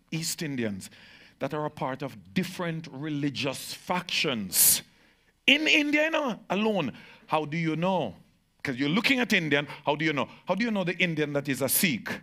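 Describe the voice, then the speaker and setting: Delivering a sermon as pastor, this man addresses his congregation with forceful repetition, his speech moving from shouted climaxes down to slow, low-pitched lines.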